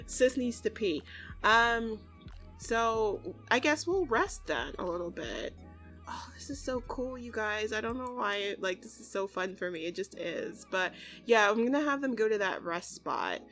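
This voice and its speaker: A young woman giving casual gameplay commentary as a let's play host, bubbly and excitable, often laughing and squealing. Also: a little high, measured pace, soft background music.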